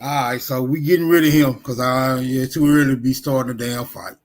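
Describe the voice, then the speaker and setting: A man's voice: mid-range voice, fairly even intonation, fairly quick. A man hosting a casual livestream, greeting viewers and teasing callers with loose, profane banter. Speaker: livestream host.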